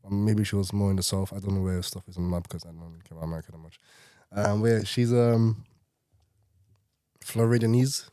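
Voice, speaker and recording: A man hosting a podcast, relaxed and chatty, laughing easily. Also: on the low side, fairly quick, smooth, no room sound, clean studio sound. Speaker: podcast host. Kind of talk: casual conversation.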